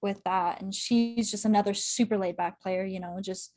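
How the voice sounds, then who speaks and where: A young woman talking as a podcast guest, at a mid pitch for a woman. She rambles eagerly in casual interview chat, peppering her talk with "like" and breaking into laughter. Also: fairly even intonation, a little mellow. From Canada. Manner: chatty, quick, laughs often, heavy use of "like". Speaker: podcast guest, club correspondent.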